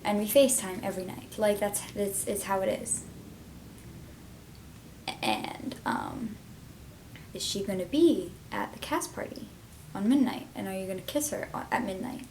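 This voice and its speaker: Teenage girl, vlogger, rambling, heartfelt, mid-pitched voice, faint hiss. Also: expressive, moderate pace, pauses often, a little mellow, poor audio. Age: teens. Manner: rambling, filler-heavy, heartfelt. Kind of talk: casual confessional vlog.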